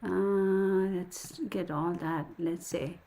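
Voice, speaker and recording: A middle-aged woman runs a tarot livestream, chatting casually with her viewers and telling stories in an excitable, talkative way. Her voice is fairly low and she speaks very slowly, with slight background noise.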